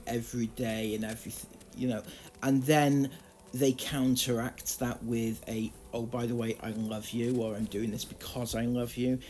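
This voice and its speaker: A male true crime commentator reads journal entries aloud at an unhurried, deliberate pace, with a middle-range voice. He keeps cutting in with sarcastic, indignant remarks. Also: medium pitch, background noise. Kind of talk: reading journal excerpts with commentary.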